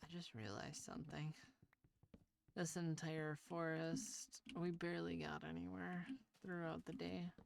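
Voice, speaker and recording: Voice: mid-range voice, fairly even intonation, a little slow, creaky, a little hiss or hum. A gaming video creator with a nasal voice, chatting loosely over gameplay with many fillers and restarts, shy and hesitant. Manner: shy, talks about social anxiety. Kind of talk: casual gameplay commentary.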